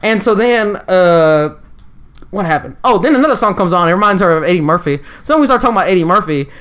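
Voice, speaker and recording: A man's voice: high-pitched, fast, clean tone. A man in a casual chat who tells stories by acting out everyone in them. His voice swings up and down as he does the quotes, and he breaks into laughter often. He talks loose and profane. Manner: animated, acts out quotes, laughs often, swears.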